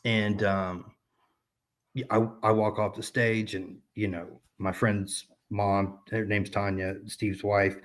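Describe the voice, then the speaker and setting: A man's voice: on the low side, flat delivery, slow pace. A man in his thirties telling a personal story in a casual chat, rambling with many fillers and restarts. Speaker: podcast guest.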